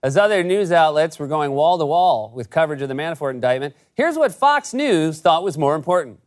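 A man's voice: fairly high pitch, lively intonation, fairly quick. A man hosting a late-night comedic news monologue with a sarcastic, punchy delivery. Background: studio audience laughter.

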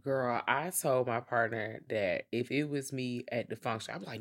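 A woman's voice: very deep voice, moderate pace, few pauses. A woman co-hosting a podcast, casually breaking down a movie and acting out its characters. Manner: laid-back, profane, acts out characters. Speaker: podcast co-host. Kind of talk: casual movie review chat.

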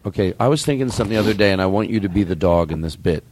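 A man hosting a comedy chat, rambling and animated as he works out a bit, with bursts of laughter. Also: deep voice, very fast, slight background noise. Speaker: comedian host.

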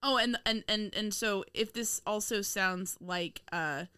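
A woman's voice: mid-range voice, a little slow, sharp tone, smooth, dry recording, studio quality. A woman co-hosting a podcast, chatting casually about a TV episode, laughing often and teasing with exasperated swearing. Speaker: podcast co-host. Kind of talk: casual chat reviewing a TV episode.

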